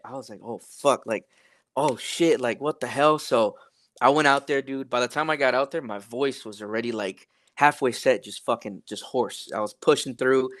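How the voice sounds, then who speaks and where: A man's voice: medium pitch, dry recording, clean studio sound. Laid-back profane young man storyteller. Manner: laid-back, profane, many fillers, animated retelling. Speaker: podcast guest, rapper. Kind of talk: casual storytelling.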